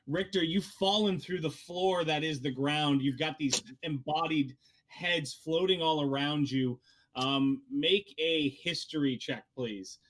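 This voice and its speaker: A man's voice: a little high, a little slow, a bit bright, a little hiss or hum. A man narrating as dungeon master in a casual tabletop game session, with many fillers and restarts.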